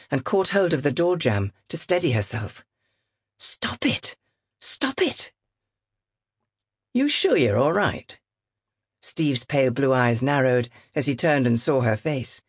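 A woman narrating a novel in a measured, expressive reading. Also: extremely low pitch, dry recording, studio quality. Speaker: audiobook narrator. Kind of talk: scripted narration.

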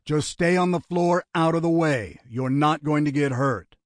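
A cool, businesslike male gunman gives orders that leave no room for argument, as a male narrator voices him. He speaks up a little above the narration, firm and unhurried. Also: a little high, no room sound, clean studio sound, close to an everyday voice. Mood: commanding. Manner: firm, flat commands. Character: cool, commanding male gunman, matter-of-fact.

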